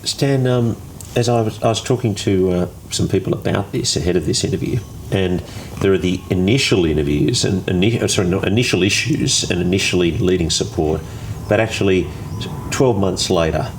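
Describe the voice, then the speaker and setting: A man's voice: deep voice, a little fast, a little hiss or hum, poor audio. An Australian man hosting an interview, asking conversational and slightly hesitant questions. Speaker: podcast host.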